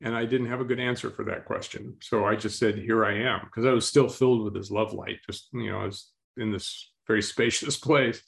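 Calm, slow-telling male interview guest. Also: on the low side. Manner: slow, calm, clears throat often. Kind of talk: storytelling in an interview.

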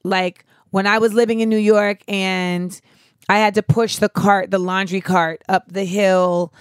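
A woman with a mid-range voice hosts a podcast, chatting and telling stories in a relaxed, easygoing manner. The sound is close and dry, with no room echo. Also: mid-range voice, a little slow, clean tone. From Orlando, Florida. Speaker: podcast host. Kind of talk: casual podcast chat.

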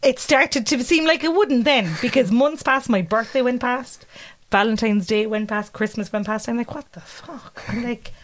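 A woman with an Irish accent, co-hosting a podcast, tells a lively story and often laughs and acts out what people said. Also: on the high side, normal speed. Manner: animated, laughing often, mimics voices in quotes. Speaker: podcast co-host. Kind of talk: casual storytelling chat.

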